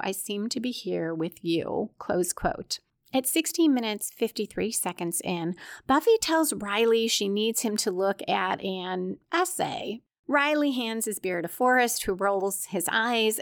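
A woman's voice: medium pitch, dry recording, studio quality. A woman hosting a podcast, recapping a television episode in casual narration with wry, chatty asides. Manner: wry, chatty asides while reading quotes aloud.

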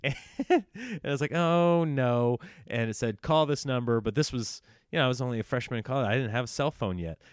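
Young guy, casual storyteller, animated and chatty, smooth voice, dry close recording. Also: medium pitch, fast talker, no echo. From small-town United States. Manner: animated, acts out quoted dialogue, frequent fillers and restarts.

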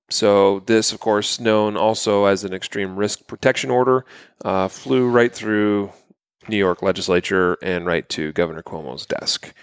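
A man's voice: low voice, smooth, no room sound, studio quality. A man co-hosting a podcast, chatting casually through the news with plenty of fillers. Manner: relaxed, many fillers. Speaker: podcast co-host.

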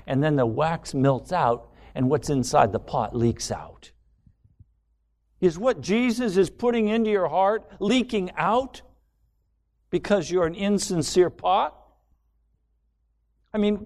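A man preaching a sermon, quoting hymn lines and asking pointed rhetorical questions. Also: fairly high pitch.

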